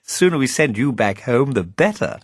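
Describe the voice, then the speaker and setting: A man's voice: medium pitch, very animated, normal speed, no echo, clean studio sound, pitched above the performer's own voice. A man reading aloud, voicing a bluff, condescending middle-aged official who talks in a hearty, patronising way. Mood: dismissive.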